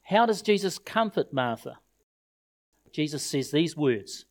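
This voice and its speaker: A man's voice: a little high, measured pace, pauses often. Man preaching a funeral sermon. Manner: expressive storytelling, quoting scripture.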